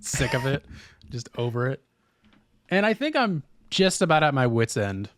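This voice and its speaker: A man's voice: mid-range voice, very animated, moderate pace, no echo. A young man co-hosting a comedy podcast in a casual chat, joking crudely and ranting playfully. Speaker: podcast co-host.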